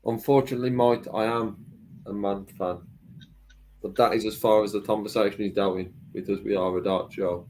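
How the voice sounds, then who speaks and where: A man commentating live on darts, chatty and quick to laugh at himself. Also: lowish voice, fairly even intonation, a little mellow, poor audio. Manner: chatty, laughs easily, joking.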